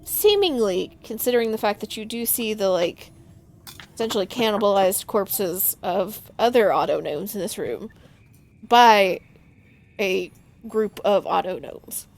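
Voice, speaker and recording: A woman's voice: mid-range voice, measured pace, a little hiss or hum. A woman narrating as game master of a tabletop game, with many fillers and restarts. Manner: hesitant, filler-heavy narration.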